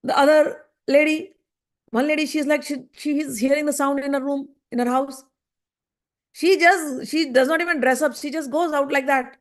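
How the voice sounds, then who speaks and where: High-voiced woman telling a scripture story. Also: moderate pace. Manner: animated storyteller, acts out quoted voices. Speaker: scripture class teacher.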